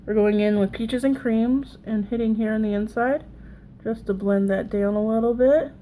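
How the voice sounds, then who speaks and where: A woman's voice: fairly high pitch, steady tone, normal speed, warm tone, slight background noise, low-quality recording. A woman in her thirties with a Southern accent, chatting and rambling through a casual makeup tutorial. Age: 30s. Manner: chatty, rambling, self-deprecating. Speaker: makeup vlogger.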